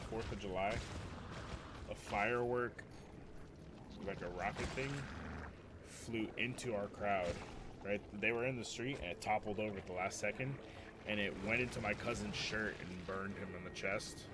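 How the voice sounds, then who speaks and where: A man's voice: on the low side, steady tone, moderate pace. A young man on a stream, telling stories in a loose, profane way, full of "like" and "dude". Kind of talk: casual storytelling chat. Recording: loud vehicle and ambient noise behind.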